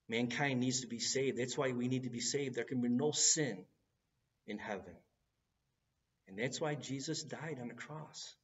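Male preacher, unhurried earnest sermon delivery, recorded from a distance with a dull sound. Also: medium pitch. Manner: earnest, building to cries at key moments.

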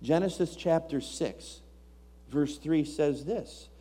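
A man's voice: on the high side, expressive, a little slow, mellow. A man preaching a sermon, reading scripture aloud and asking rhetorical questions with rising emphasis. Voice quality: King James scripture reading.

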